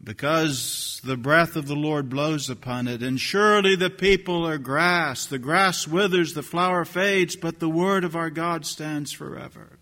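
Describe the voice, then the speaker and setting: An older man preaching a sermon, swinging from hushed, slow lines to loud, shouted ones. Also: a little high, in a large hall.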